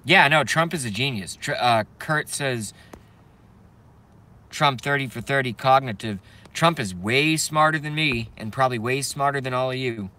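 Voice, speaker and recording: Bright-voiced man ranting in his car. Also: mid-range voice, normal speed. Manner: agitated, swearing ranter. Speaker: live streamer. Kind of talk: ranting live stream. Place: parked car.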